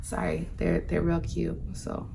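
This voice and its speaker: Creaky low-voiced woman telling a story. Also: completely flat delivery, measured pace, noisy background. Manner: fills nearly every phrase with "like"; talks to viewers directly. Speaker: vlogger. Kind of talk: casual storytime monologue.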